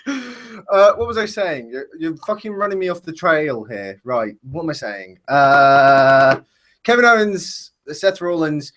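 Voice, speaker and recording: A man's voice: fairly high pitch, expressive, takes it slowly, a bit bright. A man hosting a casual wrestling discussion, ranting with plenty of swearing. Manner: profane, ranting. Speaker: podcast host.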